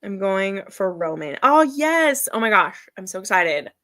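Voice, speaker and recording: A woman's voice: mid-range voice, big pitch swings, a little slow, fairly bright tone, no room sound. A woman hosting a live reading stream, chatting casually and laughing often as she gushes about books. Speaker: readathon host.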